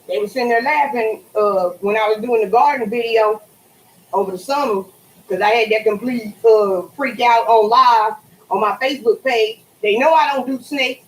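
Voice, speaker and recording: Animated, profane woman cooking at home. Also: a little high, normal speed, echoey room, low-quality recording. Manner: animated, profane, swears freely. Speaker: cooking vlogger. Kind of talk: casual chat while cooking. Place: home kitchen at the sink.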